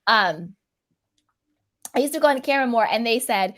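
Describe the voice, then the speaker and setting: A woman hosting a casual chat, talking in an animated way and laughing often. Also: on the high side, moderate pace. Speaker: host.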